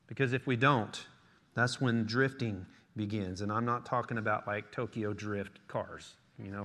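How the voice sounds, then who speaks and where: A man's voice: lowish voice, bright, forceful tone. A man preaching a sermon as pastor, reading scripture aloud and calling out to the congregation. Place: church hall. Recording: long hall reverb.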